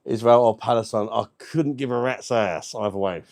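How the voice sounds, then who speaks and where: A beer review livestream host, this man speaks at a medium pitch and a normal speed, with a slightly mellow voice. He reads out viewer comments on his casual stream, bantering cheekily and swearing freely.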